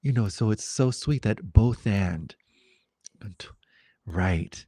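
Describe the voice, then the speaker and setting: A man leading a satsang, speaking in a reflective, gentle way with wandering pauses. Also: fairly low pitch, expressive, breathy edge, no echo, clean studio sound. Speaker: satsang teacher. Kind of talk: spiritual dialogue.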